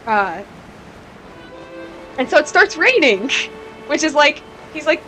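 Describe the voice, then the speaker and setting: A woman's voice: sits high, very animated, slow pace, sharp tone, faint music behind. Rambling, candid woman game streamer. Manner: rambling and candid, heavy with "like" fillers. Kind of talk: casual game stream commentary.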